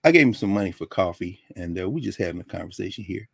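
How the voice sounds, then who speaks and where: An older man from Tennessee telling a personal story in a lesson, animated and acting out the people he quotes. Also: low voice, fast, gravelly, breathy edge, no room sound, clean studio sound. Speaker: lecturer.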